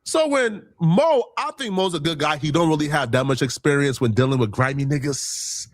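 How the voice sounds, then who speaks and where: A man's voice: expressive, moderate pace, no room sound. Emphatic storytelling male commentator, dry sound. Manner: emphatic storytelling, acts out quotes with sudden jumps in pitch. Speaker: online commentator. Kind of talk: commentary video played on stream.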